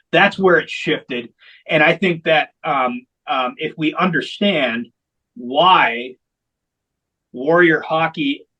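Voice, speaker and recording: A man's voice: a little high, a bit bright, husky, low-quality recording. A man who founded a veterans hockey program, telling its story in an interview with candid, emphatic repetition. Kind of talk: long-form interview storytelling.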